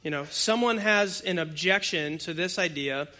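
A man's voice: high-pitched, normal speed, sharp tone. A male pastor preaching an expository sermon in a conversational, emphatic way and speaking directly to the congregation. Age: adult with young children.

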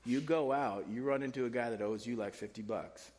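A man's voice: mid-range voice, fairly quick. Casual preaching man in a reverberant hall. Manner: casual, animated preaching with slang. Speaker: pastor. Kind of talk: sermon.

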